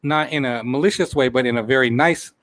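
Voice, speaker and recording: A man hosting a live talk show speaks briskly in a mid-range, slightly bright voice, recorded dry. In this emotional live-stream chat he is heartfelt, repeats phrases, and says he's close to tears.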